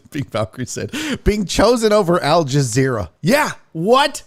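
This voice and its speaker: A man's voice: on the high side, very animated, slow. A man hosting a sports livestream in casual chat, joking around with playful, crude banter while reading viewer donations. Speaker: sports show host.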